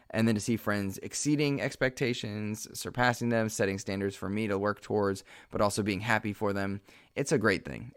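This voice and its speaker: A man's voice: fairly low pitch, no room sound, clean studio sound. A man hosting a solo gaming podcast, talking in an earnest, heartfelt way with many fillers and restarts. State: slightly emotional. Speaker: podcast host.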